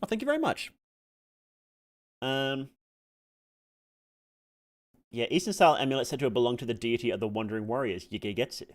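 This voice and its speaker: This man's voice sits at a medium pitch with lively intonation, and he talks briskly but leaves long pauses. He's streaming a game live, swearing freely and reacting loudly when he dies in-game, and he rambles through chat questions with plenty of fillers.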